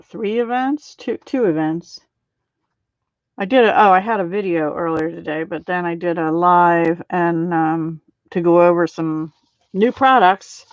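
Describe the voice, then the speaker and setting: A chatty middle-aged woman hosts a live craft tutorial from her home craft room. She talks to viewers by name and fills pauses with ums and soft laughs. The audio is dull and lo-fi, with a dry, close sound. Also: lowish voice, no room sound. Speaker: card-making demonstrator.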